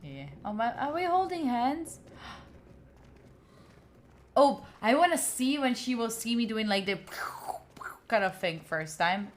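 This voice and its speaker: A young Italian woman chats her way through a cozy game stream, her Italian accent clear in every line. Her voice sits a touch high and swoops up and down with feeling. She talks straight to the characters on screen as she plays. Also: very animated, takes it slowly, long pauses. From Italy. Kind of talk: casual gaming stream commentary.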